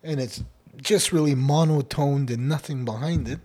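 Speaking at a moderate pace with medium pitch, the man co-hosts a relaxed podcast and teaches Odawa. His sentences often end in "eh?", and stories bring out loud laughter from him in this casual chat.

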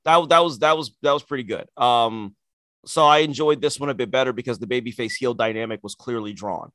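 A man's voice: medium pitch, brisk, no room sound. Opinionated man, dry sound. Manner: opinionated, sarcastic, animated. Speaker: podcast co-host. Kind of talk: casual wrestling chat.

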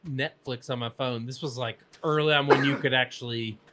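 A man's voice: mid-range voice, steady tone, normal speed, sharp tone, a little hiss or hum. A young man on a podcast, adding details and agreeing as a friend tells a road trip story. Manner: laid-back, chimes in with agreement and details. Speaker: podcast co-host. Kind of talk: casual chat.

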